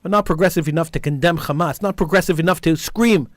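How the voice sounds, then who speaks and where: Impassioned talk radio host, dry studio. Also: male voice, fairly high pitch, fast, no room sound. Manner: impassioned, indignant, repeating phrases for emphasis. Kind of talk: call-in talk radio monologue.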